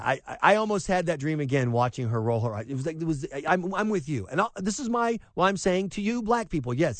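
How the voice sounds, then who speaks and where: A man's voice: medium pitch, no room sound. A middle-aged man hosting a talk radio show, delivering an emphatic, opinionated monologue with sarcastic asides.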